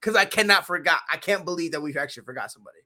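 A man co-hosting a podcast in casual chat, excitable, swinging from hushed mutters to loud outbursts. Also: fairly high pitch, very fast, a crowd in the background. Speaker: podcast co-host.

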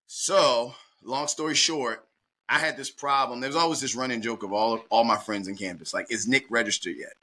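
A middle-aged Baltimore man appears as a guest and tells a personal story with lively, anecdotal energy, acting out the dialogue. His pitch is medium and his speed normal.

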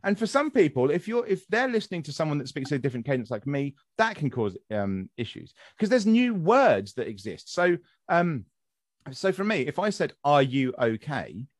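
A young Englishman hosting a podcast, ranting with plenty of swearing. His voice sits a little high for a man and leaps up and down with real animation. The sound is close and dry, with no room around it. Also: big pitch swings, moderate pace, dry recording. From England. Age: young adult. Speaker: podcast host. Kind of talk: casual podcast chat.

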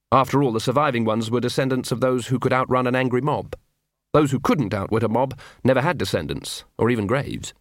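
A man's voice: medium pitch, no room sound. Guy reading an audiobook, dry storytelling, no room sound at all. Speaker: audiobook narrator. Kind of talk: scripted narration.

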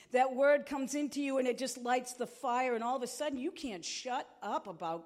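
A woman's voice: sits high, moderate pace, hardly any pauses, a little mellow. A middle-aged woman pastor preaching a sermon in an impassioned, conversational way.

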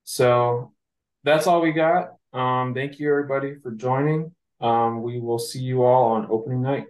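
A man's voice: mid-range voice, normal speed. Casual guy on a sports podcast, um-ing along, kinda echoey room. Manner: relaxed, thinking aloud with fillers. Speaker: podcast co-host.

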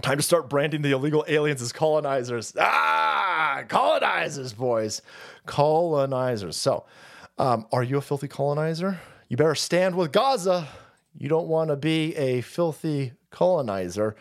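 A middle-aged man hosting a live stream, rambling through a foul-mouthed rant and calling his viewers "boys." His speaking voice sits somewhat high for a man. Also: moderate pace. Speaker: streamer host. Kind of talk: casual ranting stream.

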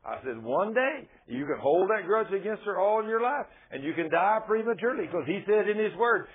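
Male preacher, husky and a bit high-pitched, storytelling sermon delivery, lo-fi radio broadcast sound. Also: lively intonation, normal speed. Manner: storytelling, acting out dialogues. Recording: tinny phone-like radio broadcast.

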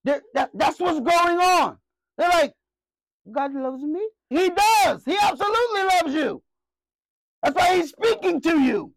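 A man preaching with a notably high voice, rising into loud bursts and then dropping to low, quiet asides. He keeps asking the congregation questions. The sound is dry, with no room echo. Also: animated, unhurried. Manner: emphatic preaching with call-and-response questions. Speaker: pastor. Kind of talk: sermon.

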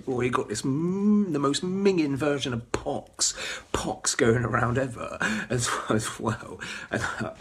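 A man's voice: mid-range voice, measured pace, slightly rough. A man, giving a rambling, ranting webcast monologue full of filler runs and chuckles. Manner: chuckles between phrases. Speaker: webcast host.

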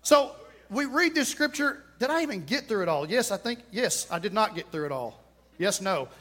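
A man's voice: sits high, very animated, normal speed, pushed and bright. A man preaching a sermon, emphatic and repetitive, with touches of humor.

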